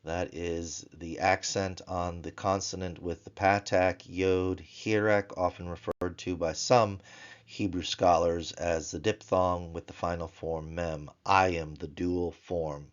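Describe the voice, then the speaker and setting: Slow, low-voiced man teaching Hebrew grammar. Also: steady tone, dull audio. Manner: chants word paradigms in a sing-song voice; slow, deliberate explanations. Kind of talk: recorded grammar lesson.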